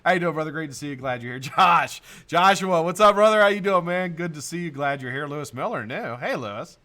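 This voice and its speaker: A man's voice: fairly high pitch, expressive, brisk, bright, forceful tone. An American man hosting a live stream in casual chat, greeting viewers by name, swearing and laughing often.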